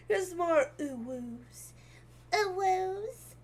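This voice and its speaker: A woman's voice: extremely high pitch, expressive, slow pace, bright, forceful tone, a little hiss or hum. A young woman streaming as a VTuber, chatting casually and giggling often as she reads comments aloud. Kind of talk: casual livestream chat, reading comments.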